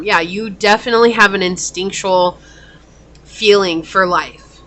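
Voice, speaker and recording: A woman's voice: mid-range voice, a bit bright, a little hiss or hum. A woman giving a casual pick-a-card tarot reading, rambling and filling her talk with "like". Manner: rambling, frequent "like" fillers. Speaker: tarot reader.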